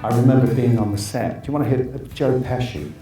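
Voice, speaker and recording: A man's voice: mid-range voice, steady tone, fast, music in the background. A man in his fifties telling stories in a casual interview, rambling with many restarts and acting out what others said. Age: 50s. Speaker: actor being interviewed. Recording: roomy echo, distant mic, faint noise.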